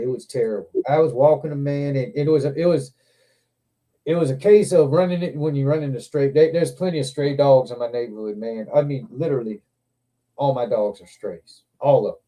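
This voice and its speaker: A show host with a mid-range, slightly fast male voice tells a long, profane story during a casual chat, animatedly acting out the quotes. Other men can be heard in the background of this livestream hangout.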